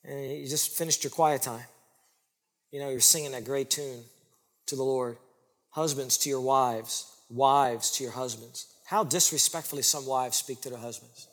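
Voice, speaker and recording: A man preaching a sermon as pastor, emphatic, repeating phrases for stress and swinging between loud and hushed. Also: medium pitch, steady tone, normal speed, long reverb tail.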